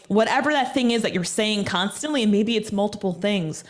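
A woman, a TV personality and speaker, is interviewed over a call, speaking briskly at a medium pitch. Her delivery is energetic, emphatic and motivational, with points repeated for effect.

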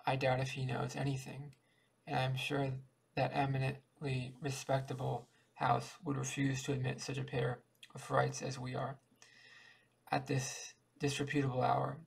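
Gravelly, flat-voiced man reading a story. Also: medium pitch, low-quality recording. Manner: halting, with restarts mid-word. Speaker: audiobook reader. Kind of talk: amateur reading aloud of a short story.

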